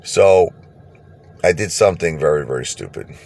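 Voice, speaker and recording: A man telling a personal story casually, animated, laughing and acting out what people said. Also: rumbling low, normal speed, creaky. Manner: animated, laughs and acts out quotes.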